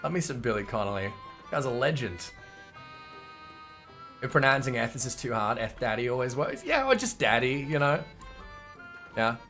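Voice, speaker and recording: A man's voice: mid-range voice, very animated, moderate pace, pauses often, a bit bright, soft background music. A man giving casual, jokey commentary while playing a game, rambling and chatty. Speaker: gaming streamer. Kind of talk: casual let's-play commentary.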